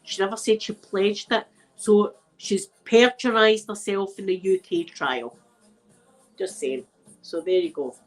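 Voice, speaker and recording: A Scottish woman chatting loosely with her livestream viewers, rambling from one thing to the next and swearing without a second thought. Her voice sits at an ordinary middle pitch, a little stuffy from a blocked nose. Soft music plays quietly behind her. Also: rough recording. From Scotland. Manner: chatty, rambling, swears casually, laughs often. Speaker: ASMR channel host. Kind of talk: casual livestream chat, answering viewers. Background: faint music playing.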